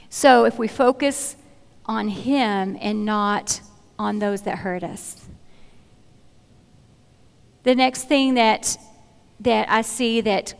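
A woman's voice: mid-range voice, smooth. A middle-aged woman giving an earnest, conversational Bible talk in a church, often repeating phrases as she searches for words. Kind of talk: sermon-style Bible teaching. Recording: long hall reverb.

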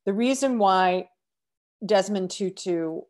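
A woman's voice: mid-range voice, a little mellow. A middle-aged woman hosting an inspirational podcast, talking earnestly and with emotion, with sighs and restarts. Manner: slow, earnest, emotional, breaks off to sigh. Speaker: podcast host.

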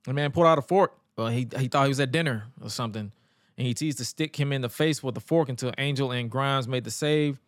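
A man co-hosting a podcast and recapping wrestling in a casual, animated way. He stammers and acts out quotes. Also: medium pitch, quick pace, no room sound, studio quality. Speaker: podcast co-host.

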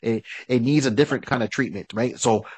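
A man's voice: mid-range voice, a little fast, a little mellow, breathy edge, dry recording. A man co-hosting a podcast, explaining eagerly and acting out quotes as he talks. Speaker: podcast co-host. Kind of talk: casual chat. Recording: dry close-mic podcast audio.

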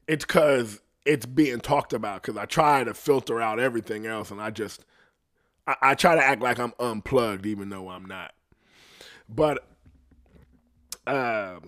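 A man hosting a podcast in a casual, profane rant, rambling and trailing off quietly, often laughing at himself. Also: mid-range voice. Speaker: podcast host.

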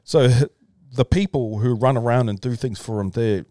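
A man's voice: mid-range voice, normal speed, warm tone, no echo, clean studio sound. Casual swearing man telling a story. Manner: loose, swearing, says "bro", talks in restarts. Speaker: podcast guest, artist.

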